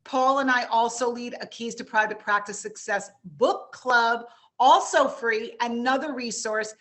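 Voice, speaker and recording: A woman from New York with a New York accent, hosting a webinar and wrapping it up in a brisk, chatty, enthusiastic way over a video call. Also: a little high, fairly bright tone. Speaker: webinar host. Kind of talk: casual webinar wrap-up.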